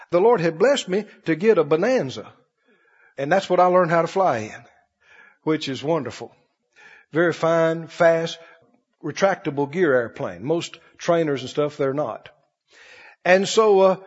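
Husky high-voiced preacher in a hall. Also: male voice. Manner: storytelling preacher, rising and dropping emphatically. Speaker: pastor. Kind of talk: sermon. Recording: dull lo-fi recording in a reverberant hall.

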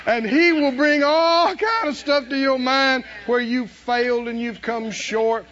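High-voiced emphatic preacher man. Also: a little slow, highs cut off. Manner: emphatic, swinging from hushed to shouting, with laughs. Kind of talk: sermon.

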